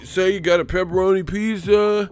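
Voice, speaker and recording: Brief: whiny nasal internet troll, high and sing-song, as a man mocks him. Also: fairly even intonation, normal speed, clear, resonant tone, natural voice. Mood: mocking. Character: whiny mocking internet commenter, adult male.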